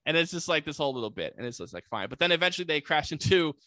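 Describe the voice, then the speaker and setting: A man recaps a movie casually and animatedly, filling his sentences with "like" and slipping into quick voices to act out the characters. His voice sits a bit high, bright and forward. The recording is dry and close, with no echo or room around him.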